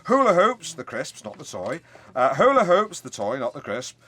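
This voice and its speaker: A man's voice: mid-range voice, normal speed, fairly bright tone, slightly rough. An actor playing a pompous, blundering middle-aged radio host who keeps correcting himself as he talks on air. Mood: brash. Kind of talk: sitcom radio-show acting.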